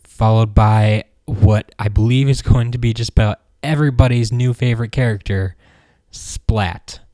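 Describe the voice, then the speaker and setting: A man hosting a casual fan news roundup, relaxed and rambling with plenty of ums and restarts. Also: lowish voice, moderate pace, no room sound, studio quality. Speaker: host of a fan news show.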